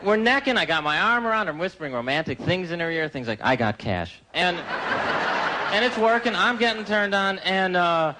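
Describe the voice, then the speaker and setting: A man doing a stand-up comedy set on a theater stage, with a wry, self-deprecating delivery and quick asides to the crowd. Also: high voice, expressive. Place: theater stage before a laughing audience. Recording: 1980s live comedy special with loud crowd laughter and noise.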